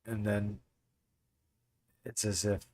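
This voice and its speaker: A man's voice: on the low side, flat delivery, slow, darkish tone. A man narrating as game master in a tabletop game, often laughing as he narrates.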